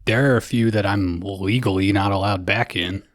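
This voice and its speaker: A man's voice: on the low side, fairly even intonation, moderate pace, no echo, clean studio sound. A man co-hosting a podcast, loose and joking with plenty of swearing. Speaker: podcast co-host. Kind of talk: casual banter.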